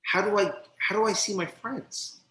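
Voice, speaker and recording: Speaking in a high voice, this man from New Jersey, a coach and podcast guest, recounts his story openly with quick, animated energy and acts out each scene. The room is echoey and the recording rough.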